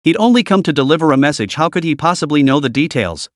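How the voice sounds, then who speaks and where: A man narrating a story in a steady, scripted reading voice. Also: fairly high pitch, fast talker, no echo, studio quality. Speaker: audiobook narrator.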